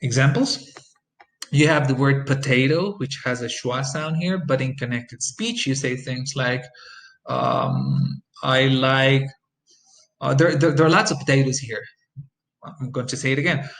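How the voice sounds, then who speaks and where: A man teaching English phonetics in a recorded lesson, explaining sound changes and repeating example phrases slowly, with frequent ums and uhs. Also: medium pitch, creaky, a bit bright, low-quality recording. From Costa Rica.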